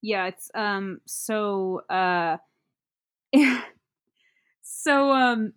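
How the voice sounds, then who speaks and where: A woman in casual chat, recapping a movie plot in a rambling, halting way with many fillers. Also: mid-range voice, fairly bright tone, clear, resonant tone.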